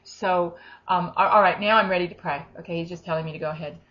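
A woman's voice: fairly low pitch, steady tone, fast, a bit bright. A woman leading a charismatic prayer session, talking animatedly and slipping into acted quotes and speaking in tongues. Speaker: prayer minister. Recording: dull lo-fi recording.

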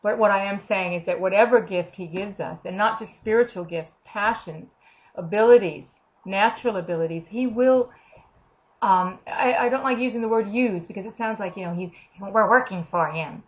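A woman's voice: medium pitch, normal speed, dull audio. A woman giving an informal, earnest sermon, talking conversationally and acting out the voices of the people she quotes. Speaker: preacher.

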